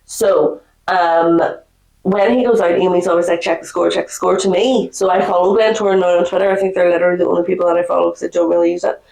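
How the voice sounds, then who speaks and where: Chatty woman, gravelly voice. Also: on the low side, fast. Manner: chatty storyteller, animated quoting. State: recovering from a cold. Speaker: podcast co-host. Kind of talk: casual chat. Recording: echoey room.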